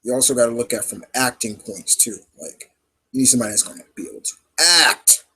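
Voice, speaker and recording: A man's voice: mid-range voice, animated, fast talker, pushed and bright, slightly rough, rough recording. A man hosting a live question-and-answer stream in casual chat, rambling and full of fillers. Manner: rambling, heavy with fillers and restarts.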